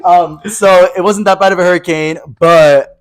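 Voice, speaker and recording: A man's voice: high voice, fairly even intonation, normal speed, clear, resonant tone. A young man co-hosting a podcast, telling stories in a chatty, slangy way with lots of laughing. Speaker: podcast co-host. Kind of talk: casual chat.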